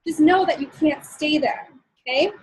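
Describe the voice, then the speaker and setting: Very high-voiced upbeat woman coach. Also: moderate pace, darkish tone, low-quality recording. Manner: chatty and upbeat, often checking in with listeners; laughs often between points. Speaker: motivational speaker. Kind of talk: live-streamed motivational talk.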